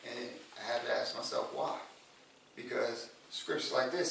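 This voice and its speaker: A man preaching a sermon in a relaxed, conversational way, repeating words and rising to loud emphasis. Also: mid-range voice, measured pace, vocal fry, a little hiss or hum. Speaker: pastor. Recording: echoey room from far off.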